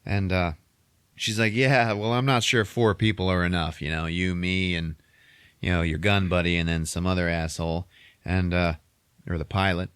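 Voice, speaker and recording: A man casually recapping a movie on a podcast, swearing constantly and acting out the characters in quick voices. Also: deep voice, little pitch movement, a bit bright, clear, resonant tone, no echo.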